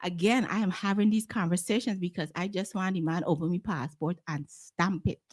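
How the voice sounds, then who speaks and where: Guyanese woman, animated storyteller, plays every voice in her tale, dry close sound. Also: lowish voice, a little fast, no echo. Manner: animated, acts out quoted voices. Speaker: guest. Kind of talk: casual storytelling.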